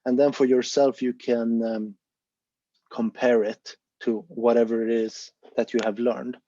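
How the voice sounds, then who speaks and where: A man hosting an online talk, speaking earnestly and encouragingly, with fillers as he thinks aloud. His voice is dark and a little husky. The call audio is dry and muffled. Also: mid-range voice, level tone, unhurried. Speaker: volunteer presenter of an online discussion. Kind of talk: casual explanatory talk on a video call.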